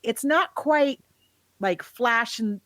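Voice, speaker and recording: A woman co-hosting a podcast, chatting casually about a movie and telling scenes in an animated way. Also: a little high, dry recording. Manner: animated storyteller who acts out scenes with quick laughs. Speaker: podcast co-host.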